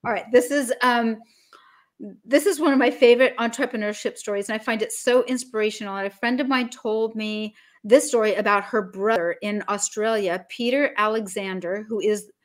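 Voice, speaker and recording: A woman business coach talking as a podcast guest, energetic and emphatic, acting out little scenes as she explains. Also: a little high, normal speed.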